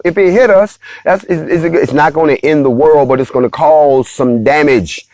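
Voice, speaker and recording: A man hosting a casual, animated monologue, playfully talking straight to his viewers. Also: a little high, normal speed, no room sound. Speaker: host of a talk stream.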